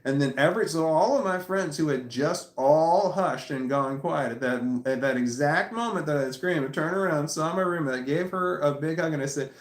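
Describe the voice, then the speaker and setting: A man's voice: a little high, moderate pace, few pauses. Male vlogger, casual profane storytelling, restarts and repeats, roomy echo. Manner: animated, profane, repeats himself while recounting.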